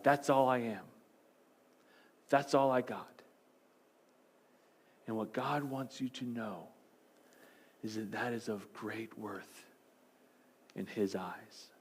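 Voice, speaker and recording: Pastor guy preaching, storytelling, goes soft and quiet for emphasis. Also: medium pitch. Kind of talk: sermon.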